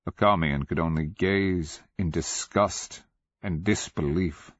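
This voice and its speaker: A man narrating a fantasy audiobook in a measured, grave, deliberate way. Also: sits low, no echo. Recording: dull lo-fi audio.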